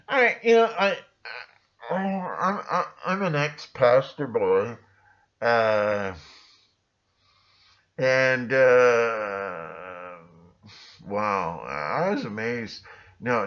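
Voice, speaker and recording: A man hosting his own channel, talking in a rambling, sarcastic monologue with sudden shrill outbursts. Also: a bit bright, highs cut off. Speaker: channel host.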